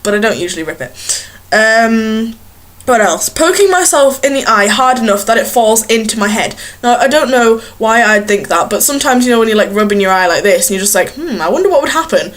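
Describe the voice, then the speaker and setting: A woman's voice: fairly high pitch, lively intonation, brisk, a bit bright. Rambling, giggly young woman. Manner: rambling, giggly, self-mocking. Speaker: vlogger. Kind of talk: casual chat to camera. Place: small bedroom.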